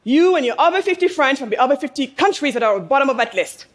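A woman with a high voice speaks to a live audience in a room. She delivers a passionate speech as a business owner, throwing out rhetorical questions and pausing to let points land. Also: lively intonation. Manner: emphatic, with pauses for effect.

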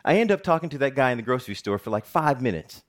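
A man's voice: mid-range voice, sing-song, fast. A middle-aged man giving a personal storytelling speech, humorous and self-mocking. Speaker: TV reporter giving a talk.

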